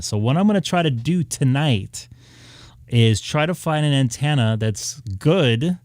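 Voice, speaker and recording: A man's voice: medium pitch, lively intonation, unhurried, a little mellow, dry recording, clean studio sound. A man from southern California streaming live about ham radio, rambling and thinking aloud with lots of fillers as he browses. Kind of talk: casual live-stream chat. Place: home room upstairs.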